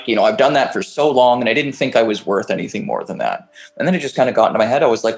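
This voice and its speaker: A man's voice: mid-range voice, expressive, rapid-fire, creaky, faint music behind, low-quality recording. A man, a podcast guest, telling a long personal story in casual chat, rambling with restarts, fillers and the odd swear word.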